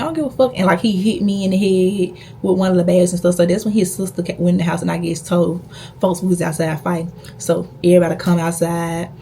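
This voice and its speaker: A woman's voice: lowish voice, darkish tone, a little hiss or hum. A young woman vlogger telling a personal story in a blunt, profane, emphatic way. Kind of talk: casual storytime.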